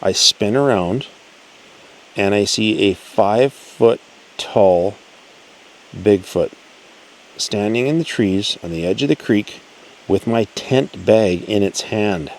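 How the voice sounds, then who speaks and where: A man with a lowish voice reads a listener's story aloud at a slow, unhurried pace. His delivery is earnest and measured, with pauses between phrases. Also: a little hiss or hum, poor audio. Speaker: channel host.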